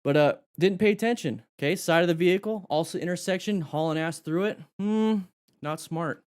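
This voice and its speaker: Male riding instructor on a live stream, energetic, short of breath. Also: high voice, a little fast, smooth. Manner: energetic, talks to viewers directly.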